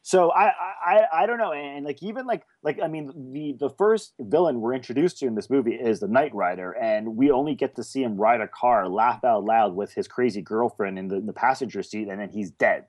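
A man's voice: mid-range voice, a little fast, hardly any pauses. Opinionated man debating films. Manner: animated, opinionated. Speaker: podcast co-host. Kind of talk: casual film discussion.

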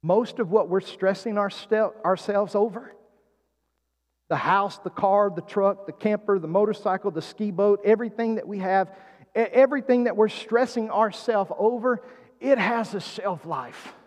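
A man's voice: high voice, normal speed. A man preaching a sermon as pastor, drawing the congregation in with calls and questions. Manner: preaching with call-and-response prompts. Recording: long hall reverb.

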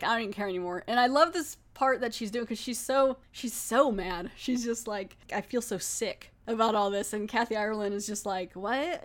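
A woman hosting a podcast, chatting casually through an episode recap. Her voice sits a bit high, and she bounces between narration and playful impressions of the characters. She laughs often. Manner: animated, acts out characters' lines, laughs often. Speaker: podcast host.

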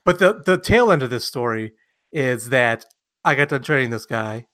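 A man co-hosting a podcast, telling stories animatedly and acting out quotes loudly in casual chat. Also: medium pitch, expressive, moderate pace, dry recording, clean studio sound. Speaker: podcast co-host.

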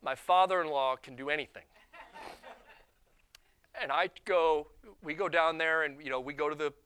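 A male pastor giving a sermon, animated and self-deprecating, telling personal stories and acting out quotes. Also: fairly high pitch, normal speed, clear, resonant tone.

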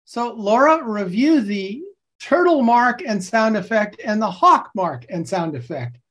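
A man coaching teachers over a video call, slowly explaining a classroom game and acting out its calls with bursts of energy. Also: high voice, lively intonation, a bit bright. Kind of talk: enthusiastic classroom-technique demonstration.

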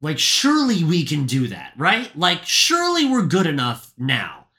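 A man's voice: fairly high pitch, wildly swooping pitch, unhurried, pushed and bright. A man talking bluntly in a casual podcast chat, swearing freely and pressing his point.

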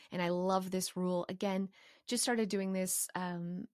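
A woman from Canada who runs a course for professional organizers, talking through her life rules in a passionate, animated way with quick asides. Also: medium pitch, no echo, clean studio sound. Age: adult with a young son. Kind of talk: casual advice monologue.

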